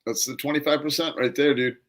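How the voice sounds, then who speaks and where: A young man co-hosting a podcast in casual chat, laid-back, with quick reactions and jokes. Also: a little high, fairly even intonation. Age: young adult. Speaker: podcast co-host.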